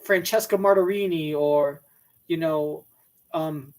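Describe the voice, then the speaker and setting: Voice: medium pitch, slow, a little mellow. A commentator reacting to a TV clip in rambling comic commentary, crude and overthinking, acting out imagined lines.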